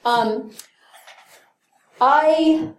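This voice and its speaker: A woman's voice: high-pitched, extremely slow. Profane, laughing woman speaker in a roomy hall. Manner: profane, self-mocking, laughs often, acts out quotes. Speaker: AA meeting speaker. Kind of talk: candid recovery talk. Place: meeting hall.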